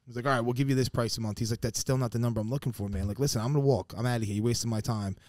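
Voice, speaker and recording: A man telling a story on a podcast, quick and animated, with plenty of swearing. His voice sits mid-pitch and sounds close and dry, with no room sound. He acts out the people in his anecdotes. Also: no room sound. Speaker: podcast co-host. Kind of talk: casual chat, storytelling.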